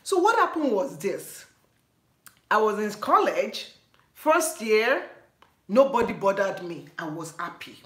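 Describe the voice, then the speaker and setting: A woman with a Nigerian accent telling a story on her vlog in an animated, laughing way. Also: mid-range voice, unhurried, pauses often. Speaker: vlogger. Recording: echoey room.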